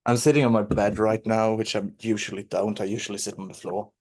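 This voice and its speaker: A man's voice: on the low side, level tone, fast, a little mellow. A man co-hosting a casual podcast from his bed, joking loosely, swearing, and laughing often. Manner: loose, sweary, giggly banter. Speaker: podcast co-host. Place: bedroom, sitting on his bed.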